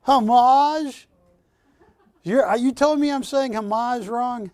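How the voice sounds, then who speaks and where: A man's voice: extremely high pitch, normal speed, a little mellow, no echo. A man hosting a live home shopping show, talking in a rambling, jokey way and often correcting himself. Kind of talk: live sales pitch. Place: TV shopping studio.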